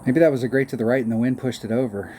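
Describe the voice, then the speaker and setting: Racing along in a mid-range voice, a man casually rambles over a mobile golf game, mocking himself and humming small tunes, with background noise audible throughout.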